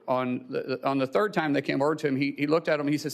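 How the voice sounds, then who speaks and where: A man's voice: on the high side, steady tone, creaky. Nominee, middle-aged man, emotional testimony, stumbling and restarting, voice near tears. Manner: halting, many restarts, chokes up. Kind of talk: emotional personal story.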